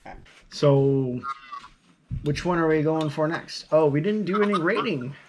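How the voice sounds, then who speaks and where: A man's voice: on the high side, animated, normal speed, noisy background. Easygoing man co-hosting a podcast. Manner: easygoing, steers the conversation. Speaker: podcast co-host. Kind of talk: casual chat.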